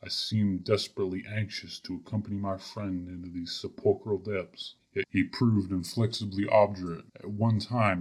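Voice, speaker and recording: A man with a very low, husky voice reads a horror tale with grave, measured drama. He lingers over the ornate phrasing like an old radio storyteller. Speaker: narrator.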